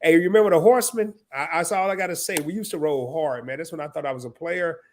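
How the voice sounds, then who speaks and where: A man's voice: a little high, fast. Emotional sniffling man in his fifties. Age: 50s. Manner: emotional, rambling, stammering with restarts. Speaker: live stream host. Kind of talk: casual live stream chat.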